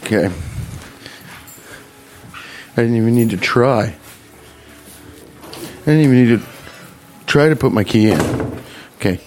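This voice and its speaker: A man's voice: medium pitch, expressive, a little slow, long pauses, darkish tone, slight background noise. Rambling joking man comic. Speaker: comedian. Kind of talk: rambling casual vlog.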